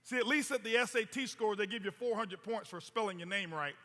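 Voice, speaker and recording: A man's voice: high-pitched, fairly quick, sharp tone. A man presenting network marketing in a motivational stage talk, telling stories with punchy repetition and rhetorical questions. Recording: long hall reverb.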